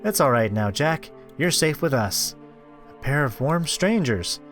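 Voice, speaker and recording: A man voicing a gentle adoptive mother in a game, speaking softly. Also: fairly high pitch, sing-song, unhurried, faint music behind. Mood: soothing.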